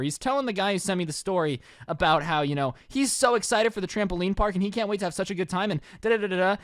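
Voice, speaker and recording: Young male storyteller, casual and sarcastic, high animated voice, dry close sound. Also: no room sound. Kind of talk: comedic storytime monologue.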